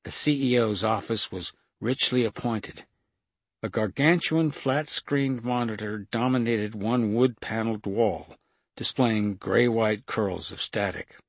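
Gravelly, husky male audiobook narrator. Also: lowish voice, dry recording. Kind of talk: scripted narration.

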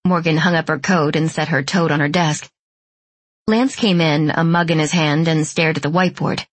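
A woman narrating a novel in an even, measured way. Her voice is low and husky. The recording is dry and close, with no room sound. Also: no room sound. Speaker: audiobook narrator. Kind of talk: scripted narration.

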